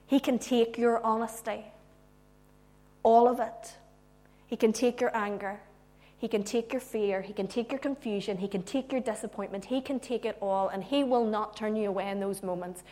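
A woman preacher giving a sermon with humorous asides, moving from loud emphasis to hushed tones. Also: on the high side, moderate pace.

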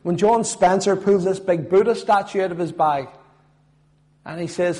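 A middle-aged man with a Belfast accent tells his testimony as a sermon, earnest, swelling loud on points of faith and then dropping low and soft. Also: moderate pace. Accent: Northern Irish, Belfast. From Northern Ireland. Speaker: former footballer giving testimony.

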